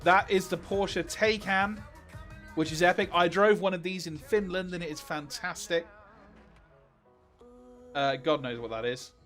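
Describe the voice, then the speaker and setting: A man reacting excitedly on a live stream, exclaiming and reading viewer questions. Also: high-pitched, measured pace, pauses often, soft background music.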